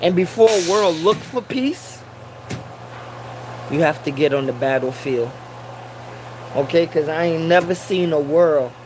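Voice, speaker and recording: A man's voice: a little high, lively intonation, measured pace, pauses often, background noise. A man in a casual monologue who preaches and repeats his points for emphasis, using Rasta slang and Caribbean English grammar.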